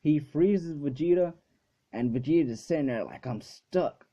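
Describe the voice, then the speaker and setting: This man runs an anime review channel in a loose, profane style packed with "like" and other fillers. He speaks at a normal speed with a fairly high pitch and a dark tone, and the recording sounds dull and lo-fi.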